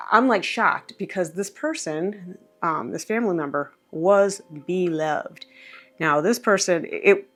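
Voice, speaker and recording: A woman casually telling a personal story, animated, acting out the dialogue with many fillers. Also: lowish voice.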